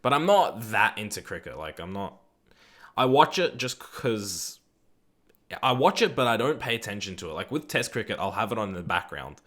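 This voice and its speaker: Young Aussie male streamer, slightly low voice, relaxed rambling chat with viewers, casual swearing. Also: normal speed. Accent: Australian. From Australia. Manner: reads viewer chat aloud and answers it. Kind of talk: live gaming stream chat.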